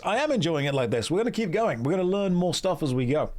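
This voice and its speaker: A man streams a game and chats casually with his viewers, full of jokes. His voice sits a touch high, and his tone stays loose and playful as he reads comments aloud. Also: sing-song, quick pace, darkish tone. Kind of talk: casual live-stream chat.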